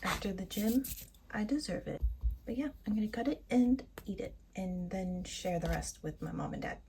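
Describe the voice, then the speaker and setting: An upbeat woman talking casually to her camera in her home kitchen, poking fun at herself. Her voice sits at a middle pitch. Steady background noise runs under the recording. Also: moderate pace. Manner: chatty, self-deprecating, upbeat. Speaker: vlogger. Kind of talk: casual home baking vlog.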